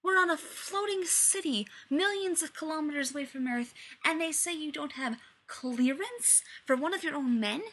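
A woman reading a story aloud, voicing an irritable, sharp-tongued male scientist who bursts out loudly. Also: sits high, expressive, moderate pace, few pauses, voice pushed up. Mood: exasperated. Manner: exasperated, loud outbursts.

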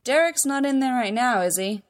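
A woman's voice: mid-range voice, lively intonation, slow pace. A woman voicing a middle-aged father who calls out with dry, unbothered teasing in a story reading.

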